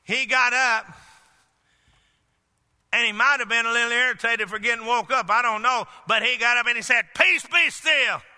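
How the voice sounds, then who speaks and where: A male pastor preaches emphatically, his voice pitched high and ringing with a very bright, sharp edge. He weaves plain storytelling into forceful declarations. The sound carries a long reverb, as if recorded in a large church sanctuary. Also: flat delivery, moderate pace, pauses often, smooth. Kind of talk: sermon.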